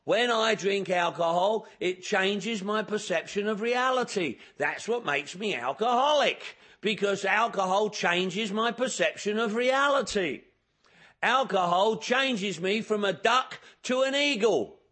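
Speaking in a high-pitched voice at a measured pace, a man shares his personal story at a recovery meeting. He gives a funny testimony to the audience, acting out dialogue and poking fun at himself as a lively storyteller.

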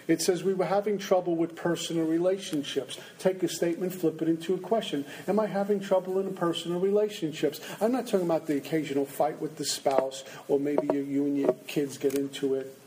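A man speaking to an audience at a recovery meeting, his voice sitting a bit high yet soft and mellow in tone. He tells stories with a wry, self-mocking humor and keeps slipping into the voices in his own head. A faint hiss sits under the talk. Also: steady tone, a little fast, hardly any pauses, poor audio. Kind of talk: storytelling talk to a live audience. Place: indoor meeting room with an audience.

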